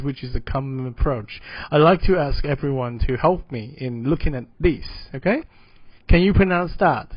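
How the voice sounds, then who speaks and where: A man's voice: medium pitch, no room sound. Man lecturing, with frequent "okay?". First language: Mandarin. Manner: frequent "okay?" checks, hesitant fillers. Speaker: university lecturer. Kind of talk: classroom mini-lecture. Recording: dull, dry classroom audio.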